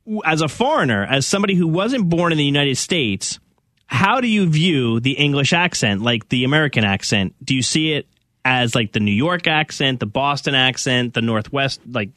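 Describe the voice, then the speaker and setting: Male radio host, chatty banter, bright forceful tone, dry close sound. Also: medium pitch, lively intonation, normal speed, no echo. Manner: laughing, chatty, reads listener texts aloud. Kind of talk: casual radio podcast banter.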